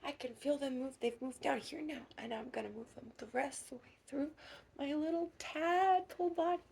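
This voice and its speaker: A woman voicing a playful, affectionate childlike frog in whispered role-play, with soft gasps and a singsong lilt. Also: high-pitched, normal speed, vocal fry, slight background noise. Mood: dreamy. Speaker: children's storyteller.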